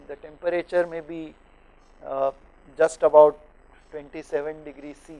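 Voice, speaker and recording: A middle-aged man from India explaining thermodynamics to teachers in a lecture studio, pausing often with fillers as he works through examples. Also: on the high side, warm tone, low-quality recording.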